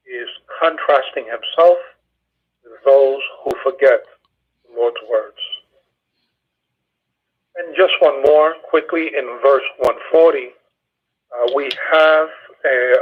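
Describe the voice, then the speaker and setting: A man teaching a Bible study, explaining the grammar of a psalm in a halting way with many fillers and restarts. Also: mid-range voice. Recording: tinny phone line.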